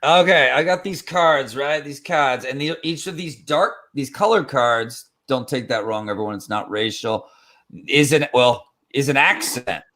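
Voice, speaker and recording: A man's voice: mid-range voice, a little slow, a bit bright. A man hosting a casual game stream, joking and rambling as he explains a card game. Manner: joking, rambling, laughs often. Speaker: stream host.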